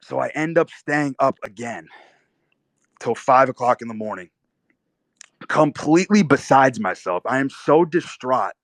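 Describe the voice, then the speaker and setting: A man's voice: mid-range voice, lively intonation, unhurried, pauses often, no room sound. A young man intensely telling a first-person story about his own life, full of swearing and vivid detail.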